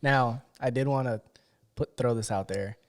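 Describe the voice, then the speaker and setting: Laid-back male co-host, casual chat, mid pitch, loose mumbled asides. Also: moderate pace. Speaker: podcast co-host.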